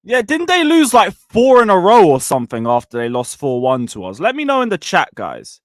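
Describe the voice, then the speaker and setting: A man hosting a casual football livestream, reading out chat and calling for likes. His voice sits a bit high and moves around lively. The sound is dry and close. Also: normal speed, no echo. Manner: chatty, reads out chat messages. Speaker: livestream host.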